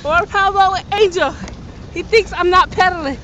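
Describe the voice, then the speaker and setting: A woman's voice: very high-pitched, fairly quick, bright, forceful tone, slight background noise, rough recording. A young woman filming a casual vlog outdoors on a paddle boat, playful and complaining, out of breath from pedaling. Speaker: vlogger.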